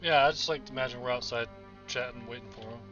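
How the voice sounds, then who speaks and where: A man's voice: mid-range voice, steady tone, fast talker, music in the background. A man playing a tabletop game, easygoing and thinking aloud. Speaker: player. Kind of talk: casual game chat. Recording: dull, lo-fi mic.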